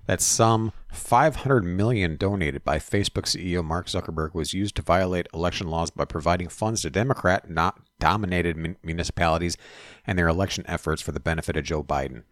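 A man's voice: sits low, brisk, no room sound, studio quality. A man hosting a podcast, reading news stories aloud and commenting, stumbling on words and adding profane asides. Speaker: podcast host.

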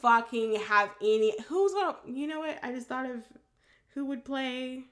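Podcast co-host: young woman, bright and a bit high, blunt, curses a lot, laughs often. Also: normal speed. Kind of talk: casual chat.

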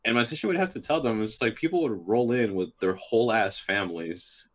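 Low-voiced man swearing casually. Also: brisk. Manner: profane, blunt, jokey. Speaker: podcast co-host. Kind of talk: casual chat.

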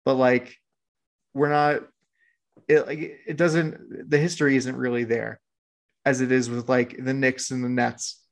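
A man's voice: mid-range voice, flat delivery, a little slow, long pauses. A laid-back man co-hosting a podcast in casual, rambling sports chat. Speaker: podcast co-host.

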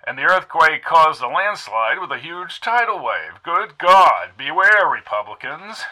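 A narrator putting on a showy 1950s radio host who reels off news and plugs with wisecracks. The voice is sharp and piercing and sits a bit high. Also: male voice, very animated, unhurried, exaggerated voice, poor audio. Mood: breezy. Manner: brash wisecracking patter.

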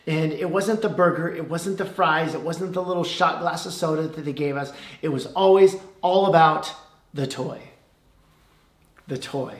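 A man preaching a sermon as pastor, with an emphatic, measured delivery and dramatic pauses. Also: on the high side, reverberant. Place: church.

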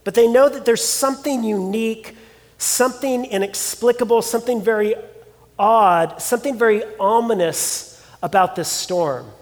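A man preaching a sermon, telling a scripture story with expressive emphasis. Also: sits high, moderate pace, big-room sound. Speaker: pastor.

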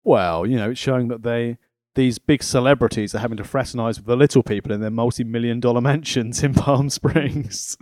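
A man's voice: mid-range voice, fairly quick, a little mellow, no echo. A man co-hosting a podcast in casual comedic chat, dry and mocking. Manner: dry, mocking, quotes people in silly voices. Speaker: podcast co-host.

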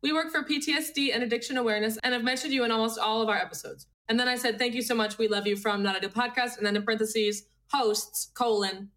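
A woman co-hosting a podcast in casual chat, giggly and excitable, reading a message aloud and laughing herself breathless. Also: fairly high pitch, fast, hardly any pauses. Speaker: podcast co-host.

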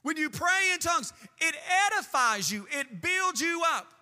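A man preaching a sermon as pastor, swinging between emphatic bursts and slow, drawn-out phrases. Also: very high voice, very animated, sharp tone. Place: church sanctuary with a band. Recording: long hall reverb with faint band music.

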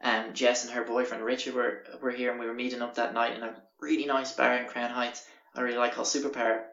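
Irish man, young, casual storytelling, swears a lot, gravelly voice, roomy dull lo-fi sound. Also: mid-range voice, flat delivery, quick pace, fairly bright tone. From Ireland. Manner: rambling, swears often, acts out quotes. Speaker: podcast host.

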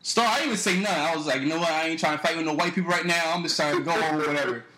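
A man's voice: a little high, racing, bright, forceful tone, roomy sound, low-quality recording. A young man telling a story in a casual, profane way on a podcast, acting out other people's lines as he goes. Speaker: podcast host.

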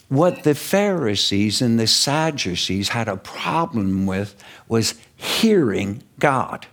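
Animated, slow-paced male preacher. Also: lowish voice. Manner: animated, emphatic, stretches key words slowly. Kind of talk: sermon.

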